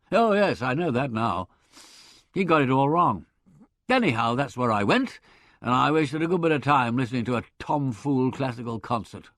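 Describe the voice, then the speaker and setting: A man voicing a brash, hearty young Englishman in an audiobook, chatty and blustering, with loud laughs. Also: mid-range voice, no room sound, clean studio sound. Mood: grumbling. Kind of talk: audiobook character voice.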